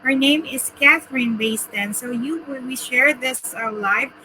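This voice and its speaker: A woman's voice: sits high, a little slow, noisy background. A woman from the Philippines hosting a casual interview, chatty and enthusiastic with many fillers. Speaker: host.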